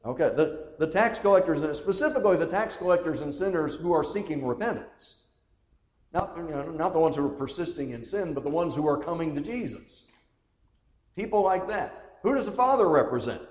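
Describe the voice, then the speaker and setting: A man's voice: on the high side, animated, brisk, a little mellow. A man leading a Bible study, reading scripture aloud and asking the group questions. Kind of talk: teaching a Bible class. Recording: echoey room with long reverb.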